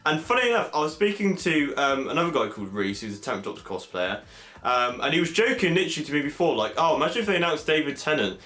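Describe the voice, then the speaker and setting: A young man from England chatting excitedly in a casual vlog, full of fillers and animated asides. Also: on the high side, brisk, faint music behind. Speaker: vlogger. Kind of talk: casual convention recap vlog. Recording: echoey room.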